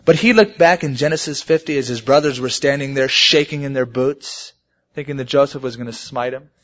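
A man's voice: medium pitch, a little fast, fairly bright tone. A man preaching a sermon, telling stories and rising emphatically on the key points. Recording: muffled lo-fi sermon recording.

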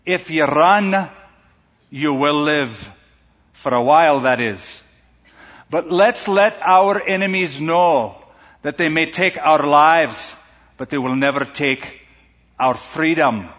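A preacher putting on a rousing Scottish warrior. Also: male voice, on the high side, a bit bright. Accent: Scottish, put on. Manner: slow, rousing, defiant. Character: rugged Scottish warrior man rallying his troops. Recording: dull audio with long hall reverb.

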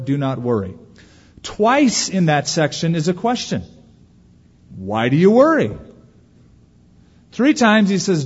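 Pastor guy giving a sermon, kinda high voice, big church echo. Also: slightly rough. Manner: animated preaching, acts out worried voices. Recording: dull lo-fi recording with long hall reverb.

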